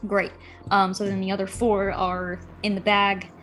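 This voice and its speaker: A woman game master narrates a tabletop horror session in a relaxed, explanatory way. Her voice stays level, with little rise or fall, and faint music sits behind her. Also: mid-range voice, a little slow.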